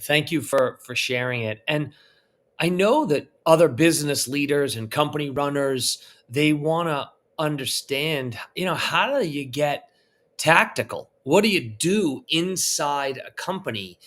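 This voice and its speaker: A man's voice: a little high, expressive, measured pace, fairly bright tone. A man, a restaurant founder on a live panel, speaking in a conversational, reflective way.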